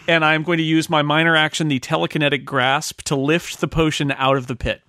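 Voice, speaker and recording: A man with a bright, somewhat high voice plays in a tabletop game. He jokes and teases the others at the table in loose, casual podcast talk. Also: level tone, a little fast, no echo, studio quality. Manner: joking, teasing. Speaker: player.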